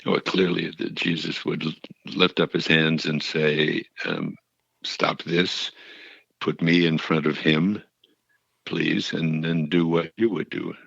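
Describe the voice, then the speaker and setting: An older man speaking as an interview guest, halting as he searches for words. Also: rumbling low, flat delivery, vocal fry, a bit bright, slightly rough, no room sound, dull audio. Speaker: actor and activist guest. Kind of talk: interview conversation.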